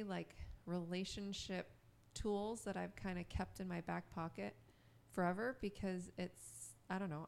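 Chatty woman with heavy vocal fry. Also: lowish voice. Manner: giggly, chatty, talks in quick bursts. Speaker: podcast co-host. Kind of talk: casual chat.

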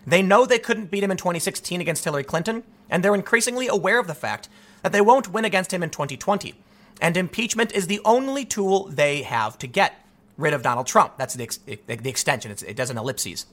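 A man delivering solo political commentary, talking in rapid bursts with frequent restarts. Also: high-pitched. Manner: animated, rapid-fire talk with frequent restarts.

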